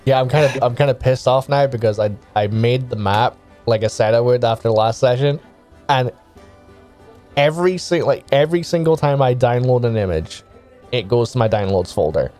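A man's voice: medium pitch, normal speed, a little mellow, soft background music. A man running a tabletop game as game master, rambling casually, swearing freely and laughing often.

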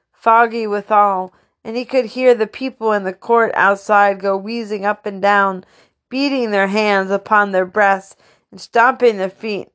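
A woman reading a classic story aloud, unpolished, with slips and restarts. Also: medium pitch. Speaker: reader.

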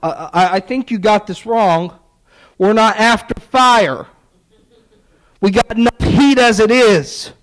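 A man's voice: high-pitched, slow pace, long pauses, low-quality recording. A man preaching a sermon, retelling a story with acted-out dialogue and sarcastic asides.

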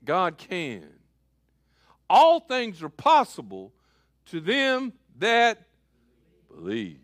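Animated high-voiced male preacher. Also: extremely slow, no room sound, clean studio sound. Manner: animated preaching, swings from loud calls to quiet asides. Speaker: pastor. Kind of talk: sermon.

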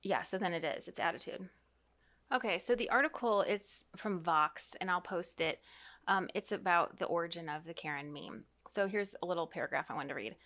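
A woman's voice: fairly low pitch, fairly quick, a bit bright. A woman in her thirties or forties, a mother co-hosting a podcast, chatting in a rambling, easygoing way. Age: 30s to 40s. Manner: chatty and rambling, reads aloud from an article. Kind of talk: casual podcast chat.

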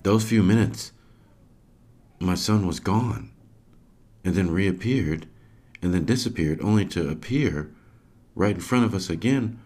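A man's voice: sits low, measured pace, long pauses, darkish tone. A man hosting a podcast, narrating a personal story in an earnest, emotional way. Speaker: podcast host.

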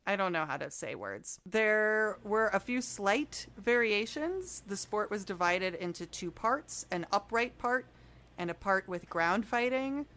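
A woman's voice: medium pitch, animated, unhurried, fairly bright tone. A woman co-hosting a podcast, telling history in a playful, jokey way and laughing often. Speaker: podcast co-host. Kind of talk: casual history chat.

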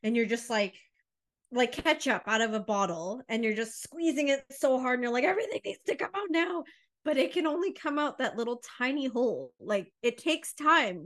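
Woman podcast co-host, higher pitch, rambling and giggly conversationalist. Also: fairly bright tone. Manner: chatty, laughs often, rambling analogies. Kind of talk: casual chat.

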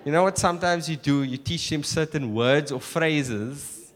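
A South African man doing a stand-up comedy set on a theatre stage, telling stories quickly and animatedly with plenty of asides. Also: on the high side. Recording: live theatre with long reverb and audience.

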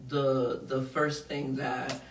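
A woman's voice: rumbling low, little pitch movement, slow, echoey room, distant mic, slight background noise. A woman hosting a podcast in a studio, talking casually and frankly, laughing often and swearing freely. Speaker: podcast host.

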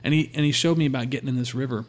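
A man's voice: mid-range voice, very fast. Man telling a faith story. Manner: storytelling, quotes God in a calm voice. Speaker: guest sharing a testimony. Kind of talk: conversational testimony.

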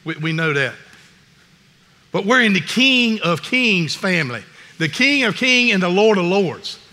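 A man's voice: high-pitched, big pitch swings, measured pace, sharp tone. A man preaching a sermon in an earnest, folksy way, often restarting his sentences. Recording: long reverb in a large hall.

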